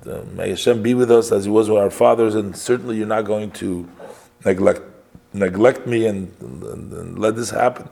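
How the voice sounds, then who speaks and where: A man's voice: lowish voice, gravelly, a little mellow. A man voicing a distraught elderly mother who pleads and cries out in a raised voice. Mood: praying. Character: distraught elderly mother defying arresting police.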